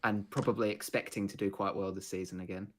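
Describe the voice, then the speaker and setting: A man's voice: fairly low pitch, little pitch movement, quick pace, slight background noise. A man co-hosting a casual live football chat, laid-back and joking, often trailing off mid-sentence. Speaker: podcast co-host.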